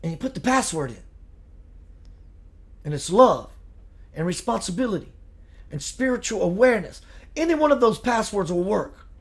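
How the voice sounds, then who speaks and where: A man hosting a live spiritual show, speaking in a gentle, earnest and meditative way and answering viewer comments. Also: sits high, sing-song, moderate pace, pauses often, breathy edge.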